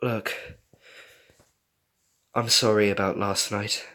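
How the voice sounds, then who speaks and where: A man doing a gloomy, calm vixen. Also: fairly low pitch, slow. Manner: calm, subdued. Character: young adult vixen, gloomy and withdrawn. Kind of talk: reading a fan story aloud.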